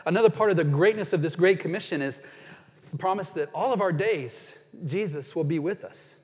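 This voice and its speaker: A man preaching a sermon as pastor, earnest, slowing down dramatically when he quotes scripture. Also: fairly high pitch. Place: church sanctuary. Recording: church hall reverb.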